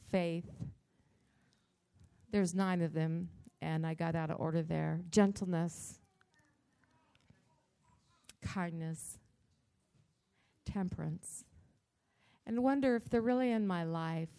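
Slow, animated woman telling a church story. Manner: animated, dramatic storytelling with sudden rises in pitch and volume. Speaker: church speaker. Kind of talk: storytelling devotional talk.

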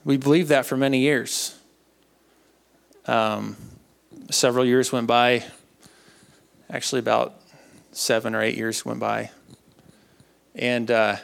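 A young man tells a personal faith testimony in an earnest, halting way, often doubling back on his words. His voice has a gravelly, creaky edge at a middling pitch. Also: fairly even intonation. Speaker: speaker sharing a testimony.

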